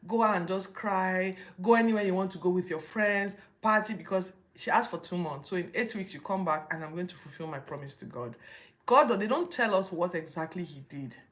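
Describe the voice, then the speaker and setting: A woman's voice: fairly low pitch, fairly quick. A woman hosting a Bible podcast, retelling scripture casually with incredulous rhetorical questions. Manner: informal retelling with restarts.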